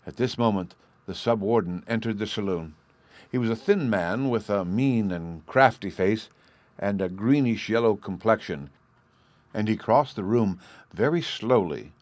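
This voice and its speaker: A man reading a classic novel aloud as narrator, in a measured storytelling manner. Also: on the low side, darkish tone, dry recording.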